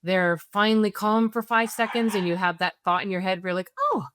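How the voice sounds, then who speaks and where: A woman's voice: mid-range voice, steady tone, brisk, a bit bright, slight background noise. A woman, a parenting expert guest on a podcast, explaining her method through worked-through scenarios and often checking in with "right?". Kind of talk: podcast interview.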